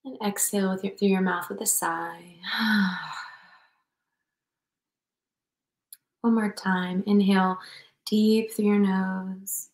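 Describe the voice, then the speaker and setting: A woman leading a guided meditation in a soft, slow, soothing voice over a video call. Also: medium pitch, fairly even intonation, echoey room, low-quality recording. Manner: soft, slow and soothing, speaks softer as it goes.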